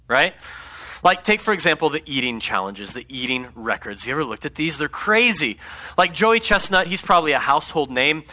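A man's voice: on the high side, a little fast. A man preaching a conversational sermon, often checking in with his congregation by asking "right?". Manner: conversational, animated, asks the audience "right?". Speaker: pastor.

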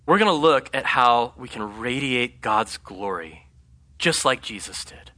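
A pastor preaches at a measured pace with a medium-pitched voice, keeping the sermon conversational and animated. He frequently asks the audience "right?" to check in with them.

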